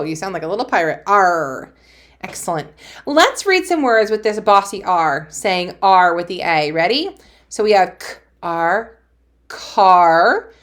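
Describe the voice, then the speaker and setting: A woman teacher giving a cheerful phonics lesson to young children, sounding out letters and praising them. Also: medium pitch.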